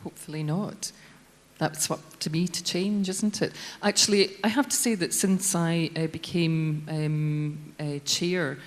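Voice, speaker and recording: A woman's voice: sits low, steady tone, unhurried. A woman speaking as a panellist in a debate, assured but often hesitating. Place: large hall. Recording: long hall reverb.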